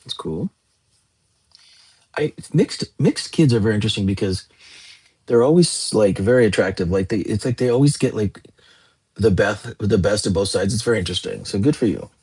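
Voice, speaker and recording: A man's voice: lowish voice, animated, normal speed, pauses often, darkish tone, husky. A young man hosting a casual livestream, chatting and answering viewer comments in a rambling way. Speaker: livestream host. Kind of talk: casual live chat reading comments.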